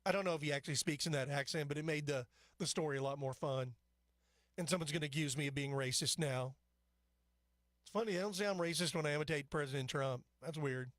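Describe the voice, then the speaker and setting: A male talk-radio host rambles through the news and his own asides with an opinionated, chatty delivery. His voice sits a little high for a man. It is recorded dry and close in a studio. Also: fast talker, a bit bright, dry recording. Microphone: studio microphone.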